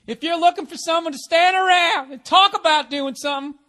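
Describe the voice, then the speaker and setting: A man's voice: very high voice, fairly quick, sharp tone, voice pushed up. A man voicing a blustering macho male presidential candidate, giving a crude, boastful stump speech.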